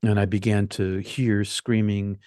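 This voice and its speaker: A man being interviewed, telling his near-death experience in an earnest, halting way that repeats phrases. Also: fairly low pitch, flat delivery, dark tone, no echo, studio quality. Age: young adult telling of age 20, now older. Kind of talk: personal storytelling interview.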